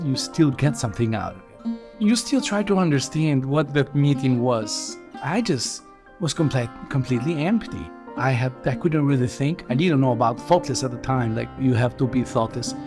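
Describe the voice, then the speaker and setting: A man's voice: mid-range voice, animated, normal speed. A man, telling a personal story in a casual, loose way full of "like.". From Albania. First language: Albanian. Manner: loose, rambling, peppered with "like". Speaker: guest. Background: guitar music.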